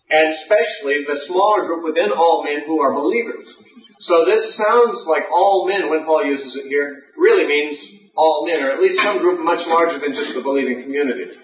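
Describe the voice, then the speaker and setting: A man with a somewhat high voice leads a Bible class, reasoning carefully with a few fillers. He is picked up from across the room, with echo and a muffled, dull sound. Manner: thinking aloud with fillers, precise. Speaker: Bible teacher. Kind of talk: classroom Bible teaching with questions. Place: classroom or lecture hall. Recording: far-off, echoey, muffled lecture recording.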